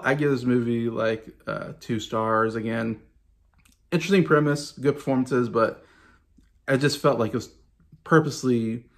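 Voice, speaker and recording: A man's voice: medium pitch, vocal fry. A man in his thirties giving a casual, rambling movie review, often correcting himself mid-sentence. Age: 30s. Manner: rambling, self-correcting, chatty.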